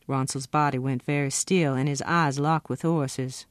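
A woman's voice: extremely low pitch, normal speed, few pauses, no room sound. Woman author reading her novel, dry and close. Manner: steady, expressive first-person narration.

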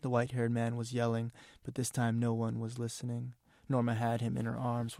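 A man, an author, reading from his novel in a measured, somber way. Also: medium pitch, monotone, gravelly, dark tone, dry recording. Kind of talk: literary reading.

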